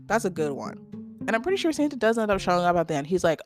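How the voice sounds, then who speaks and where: A woman's voice: fairly low pitch, sing-song, fast talker, faint music behind. A woman hosting a solo podcast, chatting casually and gushing, with many "like" fillers. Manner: chatty and gushing, heavy use of "like". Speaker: podcast host.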